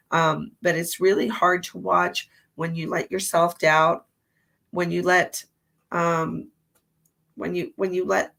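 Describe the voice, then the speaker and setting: A woman's voice: on the low side, creaky, fairly bright tone. A woman hosting a psychic livestream, giving tarot readings and chatting casually with viewers, with a stuffy nose from allergies. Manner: chatty, rambling, laughs at herself.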